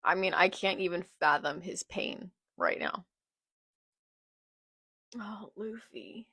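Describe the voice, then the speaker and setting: Young woman, low gravelly voice, dry close sound; emotional live reading reaction, quiet murmurs to anguished outbursts. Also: very animated, moderate pace, no echo. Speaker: manga reaction creator.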